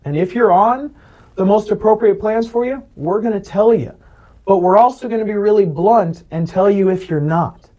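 Earnest male planner, high mellow voice, lo-fi interview audio. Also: moderate pace. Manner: earnest, animated retelling of client stories. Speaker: Medicare planner. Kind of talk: interview storytelling.

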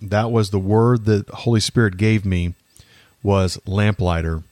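A man in his thirties hosting a faith podcast, talking about grief in an earnest, halting way with many fillers and restarts. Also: on the low side, steady tone, a little mellow, dry recording. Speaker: podcast host. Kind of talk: faith-based personal reflection.

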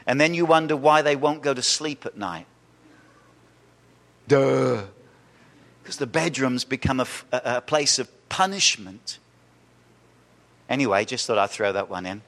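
A male pastor preaching a sermon, animated, acting out quoted voices and asking the congregation questions. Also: medium pitch, measured pace, pauses often. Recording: reverberant church hall.

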